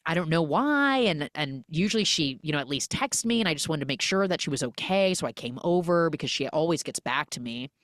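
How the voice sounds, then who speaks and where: A woman quoting a worried young man in a rushed, rambling way, in her own lightly raised voice. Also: deep voice, lively intonation, fairly bright tone, no echo, studio quality.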